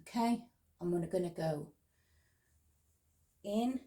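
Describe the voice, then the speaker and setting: Woman with a gravelly, mellow voice. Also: medium pitch. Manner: soft and unhurried, with quiet whispered asides. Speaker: spiritual teacher. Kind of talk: guided meditation and movement instruction. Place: at home.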